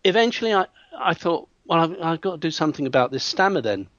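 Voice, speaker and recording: Brief: man, hypnotherapist storyteller, animated, restarts, dull dry recording. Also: on the high side, quick pace, dry recording. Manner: lively storyteller who acts out quoted voices, frequent restarts. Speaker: hypnotherapist telling a client story. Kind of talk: anecdotal storytelling in an interview.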